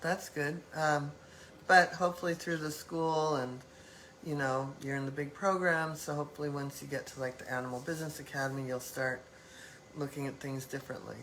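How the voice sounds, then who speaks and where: A woman's voice: deep voice, steady tone, moderate pace, fairly bright tone, a little hiss or hum, poor audio. A woman hosting a live-stream talk, speaking reflectively in loose phrasing with many fillers. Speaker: host.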